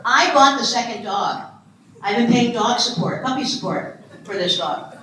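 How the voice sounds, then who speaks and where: This foster care and adoption speaker, an Ohio woman in her sixties, has a fairly high voice and a moderate pace. She keeps her keynote animated and funny, chatting, poking fun at herself, and quizzing the audience in an echoey conference hall with faint noise.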